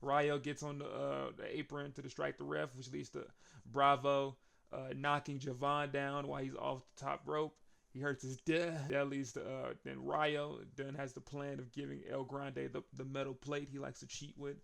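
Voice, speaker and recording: Gravelly-voiced man recapping wrestling. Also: medium pitch, normal speed. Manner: chuckles often, recounts action with rising excitement. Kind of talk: casual show recap.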